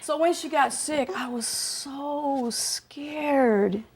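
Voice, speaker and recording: A woman, a guest in an interview, telling heartfelt personal stories with animated delivery, laughing often and dropping to a soft hush at tender moments. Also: high-pitched, drawn-out words, a crowd in the background.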